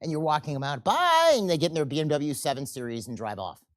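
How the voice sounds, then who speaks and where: A man teaching a seminar, animated and often checking in with the audience, and acting out quoted people in changing voices. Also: medium pitch, fast talker. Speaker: seminar instructor. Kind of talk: live seminar lecture.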